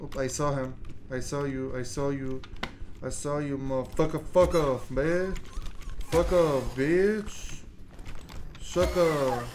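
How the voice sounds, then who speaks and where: A gaming channel host giving laid-back let's play commentary, mumbling and swearing, then yelling at the monsters. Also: medium pitch, steady tone, slow, slight background noise.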